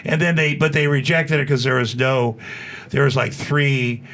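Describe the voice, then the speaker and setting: A man's voice: mid-range voice, steady tone, moderate pace, fairly bright tone. A man in his sixties, a podcast guest, telling long rambling stories with restarts and acted-out quotes. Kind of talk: casual storytelling.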